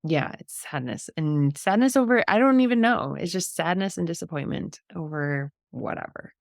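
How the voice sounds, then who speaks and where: A middle-aged woman hosting a podcast, talking in a soft, reflective way in short, trailing phrases. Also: fairly low pitch, expressive, normal speed, vocal fry, dry recording, studio quality. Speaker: podcast host. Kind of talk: reflective casual conversation.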